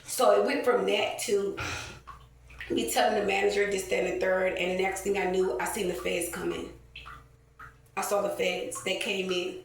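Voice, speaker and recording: A woman's voice: medium pitch, level tone, normal speed. A woman, telling a heated, profane story to camera with many fillers. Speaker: vlogger. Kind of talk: casual rant to camera. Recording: very echoey, distant, faint ambient noise.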